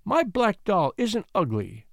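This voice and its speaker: A man voicing a shy, gentle little girl who speaks timidly and softly. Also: sits high, wildly swooping pitch, normal speed, no echo, clean studio sound. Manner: timid, soft.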